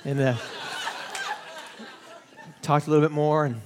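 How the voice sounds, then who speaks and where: A man's voice: fairly high pitch, fairly even intonation, moderate pace, pauses often, a little mellow, in a large hall, some chatter behind, slight background noise. A male pastor preaching a conversational sermon, telling stories and laughing at himself.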